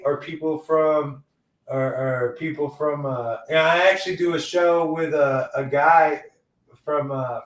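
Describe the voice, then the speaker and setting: A man hosts a casual podcast chat in a slightly high voice, rambling loosely from one thought to the next. He sits back from the mic in an echoey room, so his voice sounds distant and roomy. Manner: loose and rambling, says "dude" often. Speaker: podcast host.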